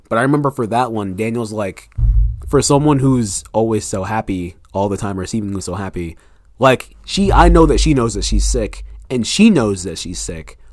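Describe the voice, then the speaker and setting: Animated young man retelling his book. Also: fairly low pitch, no echo, studio quality. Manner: animated storyteller, acts out scenes with quoted voices. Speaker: author guest. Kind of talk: casual podcast chat.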